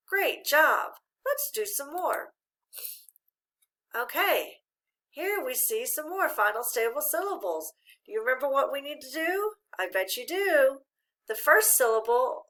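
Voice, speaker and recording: A woman teaching a phonics lesson to children, spelling letters out slowly and praising often. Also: high voice, lively intonation, pushed and bright. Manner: slow, drawn-out spelling of letters with encouraging praise.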